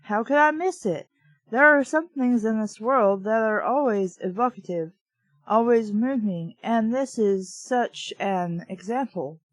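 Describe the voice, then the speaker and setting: A woman's voice: fairly high pitch, unhurried, no echo. A woman voicing a prim older woman who speaks earnestly about plants.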